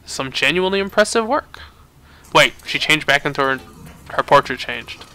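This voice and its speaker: A man casually commenting on his gameplay, thinking aloud in halting bursts. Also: fairly high pitch, expressive, sharp tone, a little hiss or hum. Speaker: let's play host.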